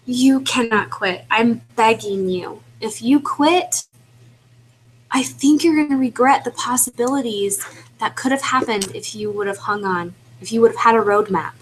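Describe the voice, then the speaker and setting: This webinar features a team leader for independent distributors giving earnest, pleading motivation, casual with fillers and repetitive in tone. Her voice is a little high and fairly bright. A little hiss or hum marks the rough recording.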